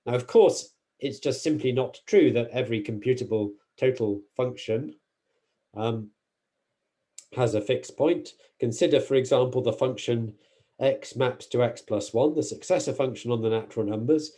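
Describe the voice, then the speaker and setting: A man giving a university mathematics lecture, explaining carefully, pausing on fillers and correcting himself. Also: mid-range voice, dark tone.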